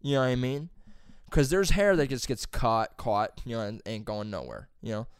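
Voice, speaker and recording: A young man talks casually and swears constantly as he rambles through a job story. His voice is clear and resonant. It sits at a middle pitch and is recorded close and dry. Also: expressive, moderate pace, no room sound. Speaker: plumber's helper telling a story. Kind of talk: casual chat.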